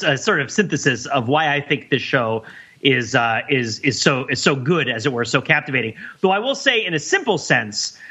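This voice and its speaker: Male podcast co-host, bright and forward, wordy analyzer, lo-fi sound. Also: on the high side. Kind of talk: casual chat.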